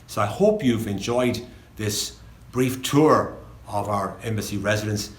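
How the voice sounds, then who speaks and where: A man with an Irish accent, serving as ambassador, giving a measured, diplomatic closing address. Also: on the low side, roomy sound. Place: embassy residence room.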